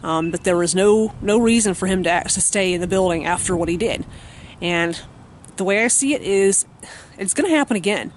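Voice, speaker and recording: A woman's voice: mid-range voice, brisk, a little hiss or hum. A woman vlogging at home, telling a story to the camera in a blunt, profane way with lots of fillers.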